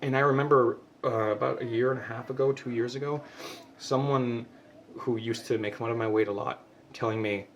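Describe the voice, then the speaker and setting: Young guy vlogging, all worked up and emotional, cusses a lot, middle pitched voice, faint hum behind. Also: steady tone, a little fast, highs cut off. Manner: impassioned and emotional, swears freely, stumbles over repeated words. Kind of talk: heartfelt personal monologue.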